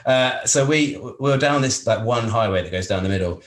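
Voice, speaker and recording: An English man, a podcast guest, telling a long travel anecdote in a casual, animated, rambling way with frequent laughs. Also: on the low side, fast. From England.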